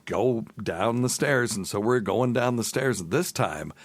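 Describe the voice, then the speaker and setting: A man's voice: medium pitch, unhurried, no echo. A middle-aged male podcast host and doctor telling self-deprecating stories in casual chat. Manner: self-deprecating, animated storyteller.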